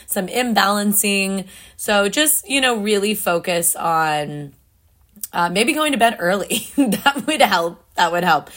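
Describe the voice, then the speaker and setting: A woman's voice: on the low side, a bit bright. A young woman hosting a casual solo morning podcast, chatty and self-deprecating, laughing often, still waking up without her coffee. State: just woke up, no coffee yet. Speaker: podcast host.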